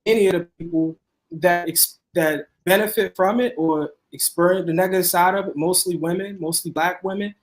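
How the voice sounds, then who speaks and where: A man giving commentary in a casual discussion, measured, repeating his points for emphasis. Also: high voice, fairly even intonation.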